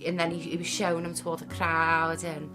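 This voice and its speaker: A woman interviewed for the news, emotional and halting as she speaks about her son. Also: on the low side, completely flat delivery. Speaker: interviewed mother. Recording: TV news clip with music.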